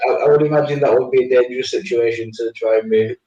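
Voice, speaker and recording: A man's voice: mid-range voice, steady tone, fast, mellow, lo-fi sound. Laid-back man, roomy and off-mic. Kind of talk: casual chat.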